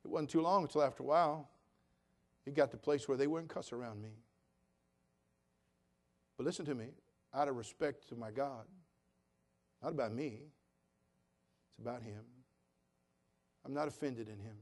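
A man's voice: mid-range voice, normal speed, pauses often. A man preaching a sermon as pastor, telling folksy stories in an earnest, plain-spoken way. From Cherokee. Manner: folksy, earnest, acts out quoted voices. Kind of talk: sermon with storytelling.

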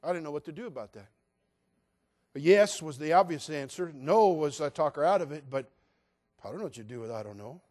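This older man from California delivers a pulpit sermon with folksy drama, imitating quoted voices in hushed tones. His slightly high voice is brisk with lively intonation, and he pauses often.

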